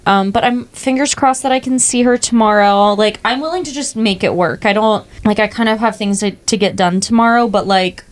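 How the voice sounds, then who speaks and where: A woman's voice: mid-range voice, a little fast, hardly any pauses. A young woman co-hosting a podcast, chatting casually and bubbly with lots of filler words. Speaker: podcast co-host. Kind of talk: casual chat.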